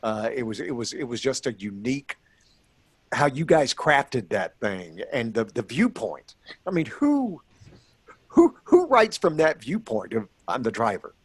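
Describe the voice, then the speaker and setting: A man's voice: medium pitch, big pitch swings, measured pace, slightly rough, no echo. A man hosting a radio show, asking joking, teasing questions in a casual interview over a video call. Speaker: radio host.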